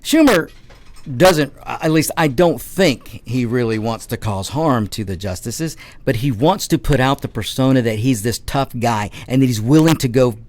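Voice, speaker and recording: A man's voice: mid-range voice, normal speed, hardly any pauses, darkish tone. A man hosting a talk radio show, ranting passionately with frequent restarts and stammers. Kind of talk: political talk radio monologue.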